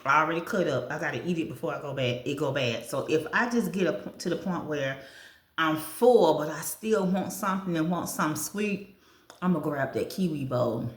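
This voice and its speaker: In an echoey room, a deep-voiced woman chats casually at a moderate pace while eating breakfast for a vlog. She reads a food list aloud, comments on the items, and talks with her mouth full.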